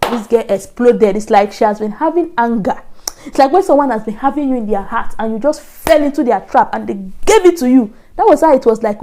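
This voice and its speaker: A woman's voice: fairly high pitch, lively intonation, fairly quick, dark tone. A young woman telling a personal story to camera in a chatty, repetitive way. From Nigeria. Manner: chatty, repetitive, laughing asides. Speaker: vlogger.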